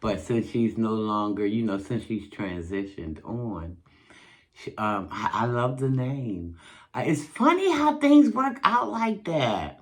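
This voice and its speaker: Slow, lively low-voiced woman storyteller. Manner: animated, chatty storyteller who addresses viewers directly. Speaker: channel host telling a personal story. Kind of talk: casual storytime monologue.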